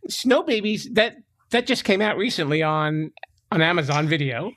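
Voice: medium pitch, moderate pace, fairly bright tone. An interview host asking playful questions and telling stories with frequent laughter. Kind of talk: casual interview chat.

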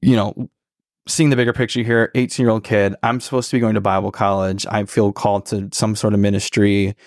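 A man in his twenties, a podcast guest telling a personal story in a relaxed, reflective way, with many filler words. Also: lowish voice, a little fast, dry recording, studio quality. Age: 20s. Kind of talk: casual storytelling conversation.

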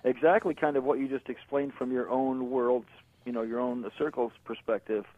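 A man's voice: mid-range voice, normal speed, dry recording. Man, middle-aged, phone-line sound, laid-back, slangy, casual interview. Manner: laid-back, slangy, animated when joking. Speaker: guest musician.

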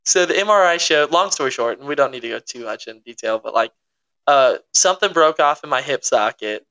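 A young man co-hosts a casual podcast and tells his story with dramatic, animated energy. His voice sounds bright and forward. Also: medium pitch, fairly quick, smooth. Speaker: podcast co-host. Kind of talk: casual chat.

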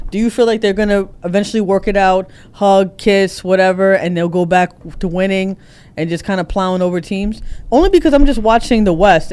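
High, smooth-voiced man hosting sports talk. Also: darkish tone. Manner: laughs often, easygoing, steers topics. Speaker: podcast host. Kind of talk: casual sports chat.

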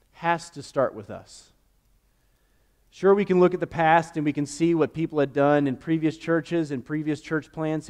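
A young man preaching a sermon in a relaxed, conversational way, telling personal stories and acting out the quotes. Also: a little high. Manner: conversational, animated storytelling with acted-out quotes. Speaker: pastor.

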